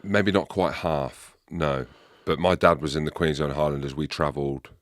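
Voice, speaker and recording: A man's voice: a bass voice, steady tone, normal speed, dry recording, clean studio sound. A man hosting a podcast in casual chat, leading with emphatic questions. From England. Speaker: podcast host.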